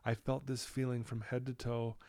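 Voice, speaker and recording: A man telling a personal story as a podcast guest, candid and animated. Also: mid-range voice, normal speed, no echo. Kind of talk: storytelling in a casual interview.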